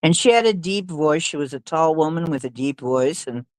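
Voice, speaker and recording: A woman's voice: deep voice, animated, normal speed, darkish tone, dry recording, poor audio. A woman hosting a livestream, telling stories in a rambling, hesitant way with many fillers and little laughs. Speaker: livestream host. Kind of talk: casual storytelling chat.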